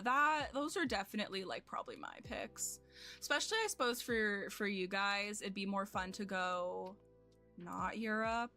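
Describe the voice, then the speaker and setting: A woman's voice: mid-range voice, creaky, bright, forceful tone. A young woman streamer chatting casually with her viewers at home, rambling and self-deprecating with lots of fillers. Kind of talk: casual chat with chat while gaming.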